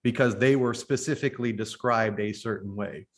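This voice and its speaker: A man co-hosting a podcast, making his argument in a measured way with some hesitant fillers. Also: fairly low pitch. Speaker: podcast co-host. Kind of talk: casual review discussion.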